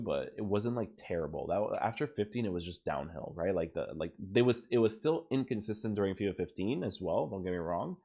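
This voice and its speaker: A young gaming YouTuber with a low, mellow voice comments casually on his own gameplay. He's emphatic, keeps asking "right?", and swears now and then.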